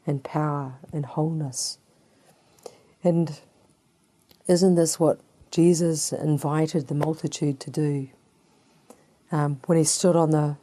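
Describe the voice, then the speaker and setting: A woman delivering a sermon in an unhurried, deliberate way. Her voice sits low and mellow, and she circles back on her phrases with rhetorical questions she answers herself. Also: no room sound. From New Zealand. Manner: repetitive, rhetorical call-and-response questions. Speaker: preacher.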